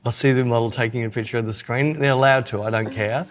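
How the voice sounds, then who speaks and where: A man's voice: medium pitch, steady tone, fast, a little hiss or hum. A man co-hosting a podcast in casual chat, joking and self-mocking as he talks through his photography gear.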